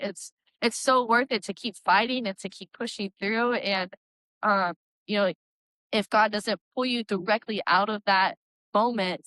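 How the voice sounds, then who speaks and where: A woman's voice: mid-range voice, a bit bright, no room sound, rough recording. A young woman, a Christian metal singer, telling her personal testimony in an earnest, rambling way, full of likes and you-knows.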